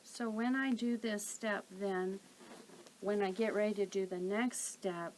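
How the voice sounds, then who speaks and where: A woman calmly talking through a sewing tutorial step by step while she works. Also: medium pitch, unhurried, slight background noise, rough recording. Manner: calm, methodical, talks while working. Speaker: quilting instructor.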